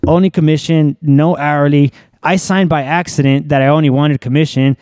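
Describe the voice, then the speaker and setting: A man's voice: on the high side, steady tone, moderate pace, a little mellow, no echo. A young man, a podcast guest, telling a personal story in loose, profane, casual talk.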